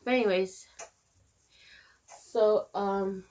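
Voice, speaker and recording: A young woman vlogging at home, telling a personal story in a rambling, halting way with lots of fillers and restarts. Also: medium pitch, steady tone, a little mellow, slight background noise. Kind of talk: casual storytelling to camera.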